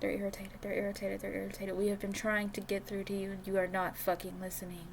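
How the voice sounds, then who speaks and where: A woman's voice: medium pitch, completely flat delivery, fast, vocal fry, noisy background. Blunt, foul-mouthed woman tarot reader. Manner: blunt and profane, talks straight to the viewer. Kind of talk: casual tarot reading monologue.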